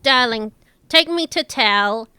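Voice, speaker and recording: A flirty, scheming woman who drips darling and sweetie at everyone, as a game master puts her on. The voice is bright and crisp, dry and close, unhurried and condescending. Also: fairly high pitch, expressive, dry recording, full character voice. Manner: purring, condescending endearments.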